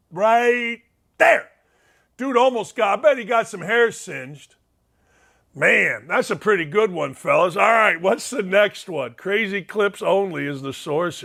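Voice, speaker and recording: Blunt, wisecracking male show host. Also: sits high. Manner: blunt, wisecracking, bursts into shouted disbelief. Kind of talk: casual reaction commentary on viral clips.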